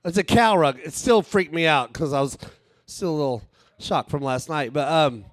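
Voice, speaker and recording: A man's voice: on the high side, moderate pace, no echo, clean studio sound. A man doing a rambling, crude stand-up set on a live stage, laughing at his own jokes. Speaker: stand-up comedian and author.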